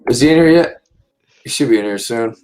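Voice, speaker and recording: A man hosting a casual livestream, talking in a rambling, excitable way full of swearing. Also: mid-range voice, brisk. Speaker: livestream host.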